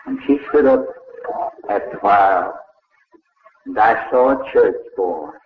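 An older man, preaching a sermon as a slow, dramatic story and voicing the people in it. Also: lowish voice, wildly swooping pitch, slight background noise. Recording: echoey hall over a tinny, lo-fi line.

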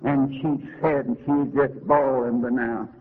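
A man preaching a sermon, telling a homespun story dramatically and climbing to emotional high points. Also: fairly even intonation, a little slow. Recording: tinny lo-fi narrow-band recording.

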